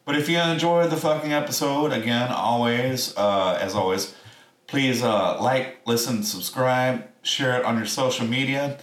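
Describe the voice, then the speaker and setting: Blunt cussing podcast guy, tense bright voice, kinda far off the mic. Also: mid-range voice, unhurried. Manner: profane, blunt, swears constantly. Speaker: podcast host. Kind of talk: rambling storytelling monologue. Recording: echoey room, distant mic.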